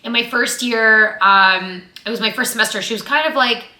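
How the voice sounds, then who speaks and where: A woman's voice: on the high side, normal speed, bright, forceful tone. Nervous young woman in an echoey room. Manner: nervous, open, heavy use of "like". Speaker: vlogger and actress. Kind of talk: casual chat to camera. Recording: roomy echo.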